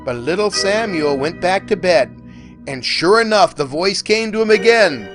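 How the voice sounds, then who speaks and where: A professor narrating a lecture in an animated, folksy storytelling manner. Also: male voice, a little high, unhurried, faint music behind.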